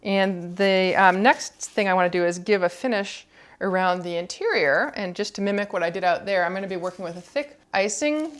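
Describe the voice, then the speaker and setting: A woman teaching cookie decorating, calmly explaining each step while she works. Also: medium pitch, brisk. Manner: calm, explanatory, thinking aloud while working. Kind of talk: step-by-step demonstration.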